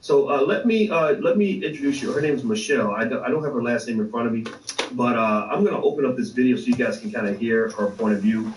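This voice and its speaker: A man hosts a casual online livestream, speaking fast in a mid-range voice, animated and profane, full of fillers and restarts. The sound is echoey with a distant mic and some background noise.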